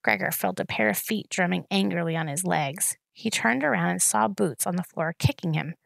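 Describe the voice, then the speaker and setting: A woman reading a novel aloud in a steady storytelling narration. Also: fairly low pitch, moderate pace, gravelly, dry recording. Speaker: reader.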